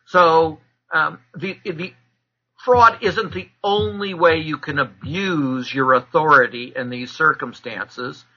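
A man as a fraud expert guest, giving measured, lecturing answers with frequent filler pauses. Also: fairly high pitch, sharp tone, dull audio. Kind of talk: explanatory interview answers.

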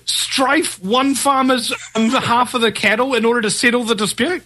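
Dude guest on a talk show, high bright voice, gets worked up and rambles. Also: male voice, moderate pace. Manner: animated, incredulous, rambling. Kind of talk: casual chat.

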